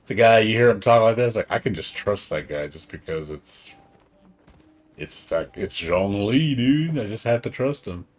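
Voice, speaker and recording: A man chatting casually on a live game stream, rambling and excitable, swearing often and tired from staying up all night. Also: fairly low pitch, normal speed.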